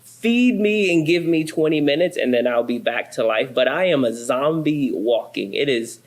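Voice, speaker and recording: A man's voice: mid-range voice, normal speed. A man in his thirties, a pastor, telling funny family stories in a sermon. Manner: animated, self-deprecating, comic. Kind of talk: humorous sermon storytelling.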